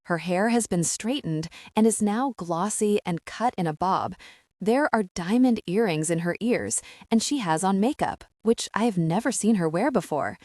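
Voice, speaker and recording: A woman narrating a first-person thriller audiobook in a tense, steady storytelling manner. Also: mid-range voice, normal speed, dry recording, clean studio sound.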